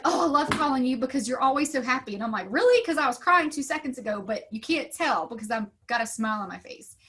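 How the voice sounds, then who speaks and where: A woman teacher in her thirties giving an upbeat talk to fellow teachers, full of classroom stories and lively quoted voices. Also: high voice. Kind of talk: conference talk.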